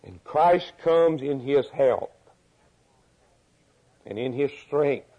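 An older man preaching a sermon as pastor, moving from loud, high preaching to quiet storytelling. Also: drawn-out words. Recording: dull lo-fi recording.

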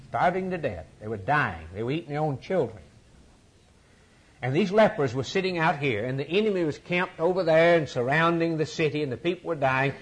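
A man preaching a sermon to his congregation, fervent and repetitive, with sweeping rises and drops in his voice. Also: slightly rough. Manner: fervent preaching with repetition and dramatic pitch swings.

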